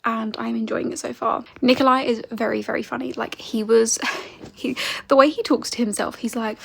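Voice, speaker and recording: Young woman, chatty book vlogger, husky and a little high; talks to her own camera. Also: steady tone, normal speed. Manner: chatty and giggly, with frequent soft whispered asides. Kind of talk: casual reading vlog chat.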